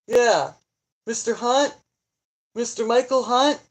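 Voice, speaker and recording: A woman's voice: a little high, slow. A middle-aged woman chatting casually on a livestream, joking, rambling and answering viewer comments as she goes. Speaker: vlogger, grandmother. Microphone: phone.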